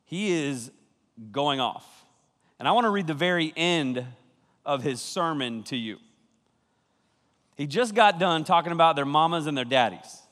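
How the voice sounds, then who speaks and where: Filmed by a camera crew in a big, echoing church hall, a youth pastor gives a jokey sermon to young listeners, laughing and acting out their possible reactions. He sounds animated and unhurried, pausing often, with a fairly bright voice that sits a little high for a man.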